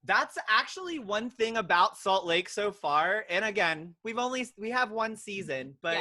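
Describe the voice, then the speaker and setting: A man's voice: sits high, expressive, normal speed, pushed and bright. A young man who is a guest on a podcast, chatting casually and enthusiastically, full of "like" and "literally". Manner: enthusiastic fan talk, filled with "like" and "literally". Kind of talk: casual chat.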